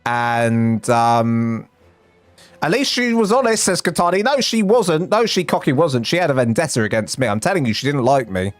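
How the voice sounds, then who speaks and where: A man's voice: medium pitch, sing-song, moderate pace, hardly any pauses, no echo, faint music behind. A man from England with a lisp, a game streamer telling rambling, self-mocking stories in casual chat.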